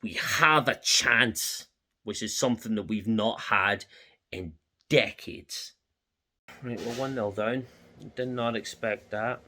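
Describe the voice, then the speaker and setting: Emotional Scottish man, deep voice. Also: steady tone, unhurried, pauses often, fairly bright tone. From Scotland. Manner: emotional and heartfelt, repeating thanks. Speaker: football fan vlogger. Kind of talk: passionate fan reaction vlog.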